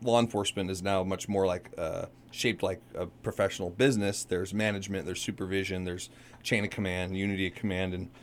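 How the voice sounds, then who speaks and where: Deep-voiced man rambling in a radio interview. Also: fairly even intonation, slight background noise. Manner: rambling, halting, self-correcting. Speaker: undersheriff guest.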